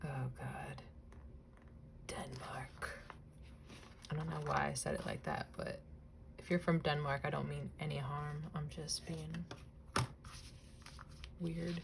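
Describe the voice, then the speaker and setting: A young woman chatting casually while cutting images from a magazine, rambling, laughing often, swearing lightly and now and then dropping to a soft whisper. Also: low voice, level tone, a little slow, vocal fry, long pauses, background noise. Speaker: crafting vlogger. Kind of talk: casual chatty crafting vlog.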